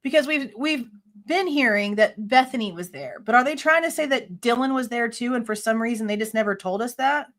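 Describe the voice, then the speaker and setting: Brief: slightly high-voiced woman, true crime live host, reads report then picks it apart, blunt and exasperated, casual swearing. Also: brisk, fairly bright tone. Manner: blunt, exasperated, sharply skeptical; reads report lines aloud, then argues back at them. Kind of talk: live commentary reading and reacting to a police report.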